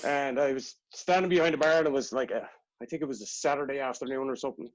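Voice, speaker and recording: A man's voice: mid-range voice, fast, muffled recording. A man from Ireland, a pub owner spinning a rambling bar story as a podcast guest. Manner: rambling, chatty yarn spinner. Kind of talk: casual storytelling.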